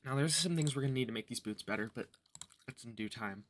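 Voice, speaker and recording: A man's voice: medium pitch, quick pace, slight background noise. A man casually commenting on his gameplay during a livestream, joking and sarcastic, muttering to himself and chewing gum as he plays. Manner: joking, sarcastic, talks to himself while playing. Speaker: gaming livestreamer.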